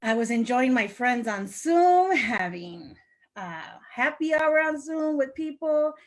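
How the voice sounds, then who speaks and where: An older woman talks to her viewers in a loose, chatty way, laughing often as she tells how things got started. Her voice sits a little high, and she slips into other people's voices when she quotes them. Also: lively intonation, slow pace. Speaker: sales representative hosting a live video. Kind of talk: casual storytelling to viewers.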